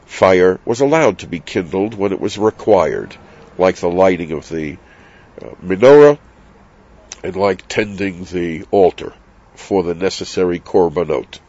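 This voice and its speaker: A man giving a slow, deliberate and emphatic Torah lesson on Sabbath law. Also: fairly low pitch, darkish tone, dry recording. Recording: dull, dry, lo-fi sound.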